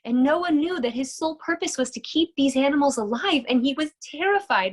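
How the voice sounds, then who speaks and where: Enthusiastic female teacher, fairly high voice, chatty, quizzes the class. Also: animated, normal speed, hardly any pauses, low-quality recording. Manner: enthusiastic, chatty, asks the audience questions. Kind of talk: casual online lesson.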